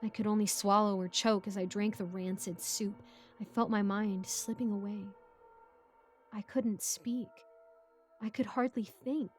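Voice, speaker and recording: A woman reading a first-person horror story aloud in a measured, steady scripted narration. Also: mid-range voice. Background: background music.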